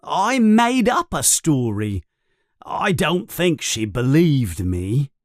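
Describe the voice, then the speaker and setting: Narrator doing a sarcastic schoolboy, dry and glum, slow. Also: mid-range voice, big pitch swings, dry recording.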